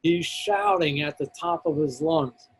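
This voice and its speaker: A man's voice: fairly high pitch, a little slow, poor audio. Earnest man telling a story. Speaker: guest. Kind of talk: storytelling in a talk show.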